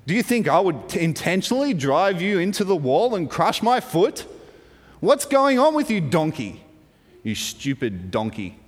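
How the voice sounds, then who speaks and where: A man putting on an exasperated, shouting rider. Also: sits high, very animated, moderate pace. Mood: angry shouting. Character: hot-tempered man shouting at his donkey. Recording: long hall reverb.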